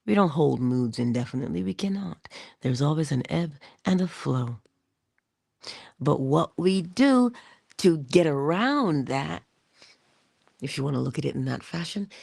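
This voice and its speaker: A woman giving an inspirational monologue to her listeners. She speaks deliberately, addresses them directly and drops into whispers for emphasis. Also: low voice, creaky, a little mellow, dry recording, clean studio sound. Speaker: motivational speaker.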